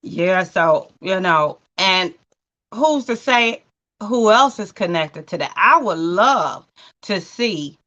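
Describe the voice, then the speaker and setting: A woman hosting a casual livestream chat, talking in lively, colloquial bursts and laughing often. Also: medium pitch, slow pace. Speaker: host. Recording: muffled lo-fi stream audio.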